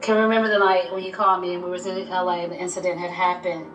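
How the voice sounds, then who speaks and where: A woman's voice: fairly low pitch, level tone, quick pace, fairly bright tone, echoey room, soft background music, rough recording. A woman, the mother, recounting in earnest during a documentary interview.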